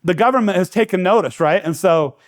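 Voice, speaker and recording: A man's voice: high-pitched, brisk. A man giving a casual seminar talk as an economic development director, joking and storytelling with many restarts and fillers. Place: lecture room.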